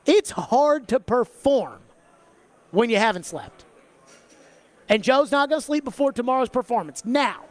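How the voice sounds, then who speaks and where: Man, sports radio host, very high voice, animated delivery. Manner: animated, slips into an exaggerated Southern drawl for bits. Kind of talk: sports talk radio monologue. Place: radio studio.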